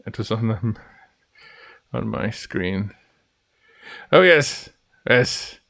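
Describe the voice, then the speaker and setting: A man's voice: lowish voice, lively intonation, drawn-out words, vocal fry, long pauses, fairly bright tone, no echo, clean studio sound. Playful rambling game master man. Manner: rambling, self-correcting, playful. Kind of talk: running a tabletop game, casual chat.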